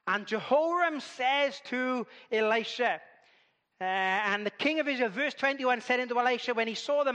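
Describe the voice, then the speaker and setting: A man's voice: extremely high pitch, moderate pace, pushed and bright, in a large hall. A man preaching a sermon, telling the story with animation and acting out voices.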